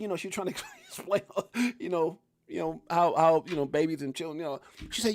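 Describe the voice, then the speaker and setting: A middle-aged man hosting a crypto live stream, preaching hard work in fired-up, slangy talk with loud whoops. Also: a little high, fairly quick, no echo.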